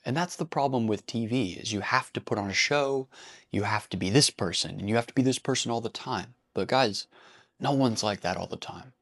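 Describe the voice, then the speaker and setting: A man's voice: fairly low pitch, fairly quick, a bit bright. A man hosting a casual vlog commentary, talking bluntly with frequent swearing and breaking into laughter. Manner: blunt and profane, laughs easily. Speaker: commentary channel host.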